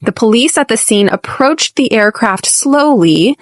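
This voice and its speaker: Clear American woman teaching English. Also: a little high, lively intonation, dry recording, studio quality. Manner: clear, deliberate, models phrases slowly for repetition. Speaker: podcast host and English teacher. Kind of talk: scripted English lesson podcast.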